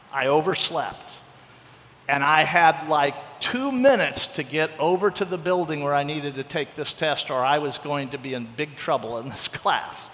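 A middle-aged man preaching a sermon as a pastor, animated and acting out the voices he quotes. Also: high voice, in a large hall.

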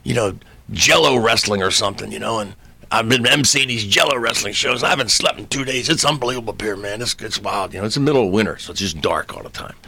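A man voicing a worn-out fellow comedian who speaks low and muttering, in a hushed tone. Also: fast talker, creaky. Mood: weary. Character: exhausted burned-out male comic, hushed and weary.

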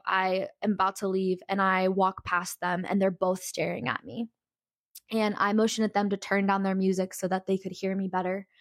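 A woman's voice: mid-range voice, no room sound, studio quality. A young woman telling a personal story in a casual, candid and emphatic way, full of "like" fillers.

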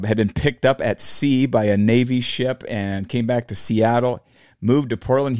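A man's voice: medium pitch, darkish tone, dry recording, clean studio sound. Reflective man in his forties hosting. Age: 40s. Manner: reflective, addresses listeners as fellow fabricators. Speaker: podcast host. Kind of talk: casual solo podcast monologue.

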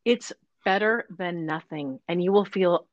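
A woman fitness coach chatting as a guest in an interview, upbeat and fast-talking. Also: on the low side, dry recording, dull audio. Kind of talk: casual interview chat.

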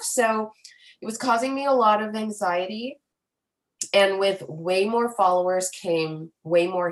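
Earnest chatty young woman influencer. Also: mid-range voice. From Canada. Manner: earnest, animated, many fillers. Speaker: guest, influencer. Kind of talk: candid interview conversation.

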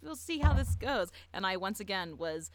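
A young woman chats through a podcast story, swearing freely and filling her talk with "like" and bursts of laughter. Her voice sits at an ordinary middle pitch. The sound is close and dry, with no room around it. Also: very animated, normal speed, no echo. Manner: chatty, profane storyteller with frequent laughs and filler "like". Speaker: podcast co-host. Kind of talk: casual chat.

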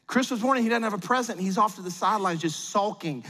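High-voiced pastor preaching in a reverberant hall. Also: male voice, fast. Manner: animated, acts out voices and quotes. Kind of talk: sermon.

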